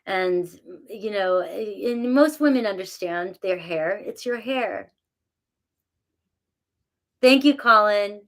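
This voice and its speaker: A woman's voice: mid-range voice, expressive, slow, pauses often. A middle-aged woman chatting casually with her live viewers, self-mocking, laughing often and thanking them by name. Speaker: tarot reader talking to live chat. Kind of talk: casual live-stream chat.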